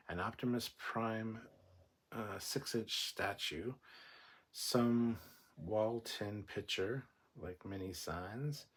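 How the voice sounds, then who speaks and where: A man's voice: fairly low pitch, a little hiss or hum. A man hosting a livestream, chatting casually and joking as he reads viewer comments aloud. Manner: joking, chatty, rambling with restarts. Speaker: livestream host.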